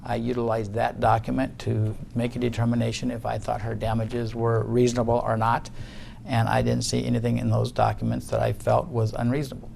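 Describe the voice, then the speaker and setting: A man's voice: medium pitch, completely flat delivery, a little fast, vocal fry, darkish tone, a little hiss or hum. A middle-aged man giving deposition testimony, guarded and insistent, often restarting his sentences. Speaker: witness in a legal deposition.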